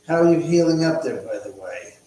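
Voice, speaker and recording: A man's voice: on the high side, big pitch swings, brisk, mellow, heavy reverb, slight background noise, poor audio. A man hosting a casual live stream from his home, rambling, muttering to himself and swearing often. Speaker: livestream host.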